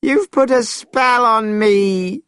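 Man doing a monkey king voice, brash and excitable, pitched high, loud, slow deliberate storybook delivery. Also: dry recording, studio quality. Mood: pained. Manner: shrill, excitable, cries out. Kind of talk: storybook reading.

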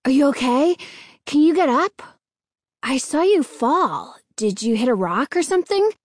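A woman voicing a gentle, concerned young boy who speaks softly and carefully. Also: high voice, big pitch swings, unhurried, dry recording, studio quality. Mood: worried. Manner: soft, worried, careful.

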